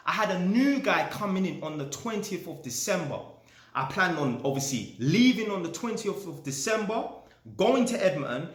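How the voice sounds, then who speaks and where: A man's voice: high-pitched, a bit bright, roomy sound. A man telling a story casually, swearing often and ending lines with "yeah?". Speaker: vlogger.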